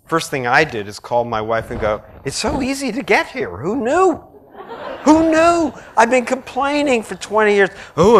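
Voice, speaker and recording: Animated Midwestern man giving a lecture. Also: mid-range voice. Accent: American Midwestern. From American Midwest. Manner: animated, blunt and jokey, with asides to the audience. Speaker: art critic giving a lecture. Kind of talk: public lecture to an audience. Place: lecture hall.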